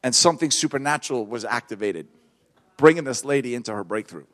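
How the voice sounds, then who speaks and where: A man preaching a sermon through storytelling, fervent and animated, laughing between points. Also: mid-range voice, fast.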